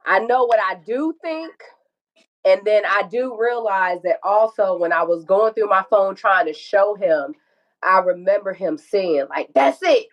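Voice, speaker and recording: A woman's voice: medium pitch, a little slow, highs cut off. A woman telling an emotional personal story, acting out dialogue and swearing freely. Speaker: guest telling her story.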